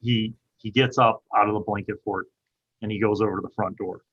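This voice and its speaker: A man as game master, narrating a tabletop game in halting description with many fillers. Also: lowish voice, steady tone, a bit bright, breathy edge, dull audio.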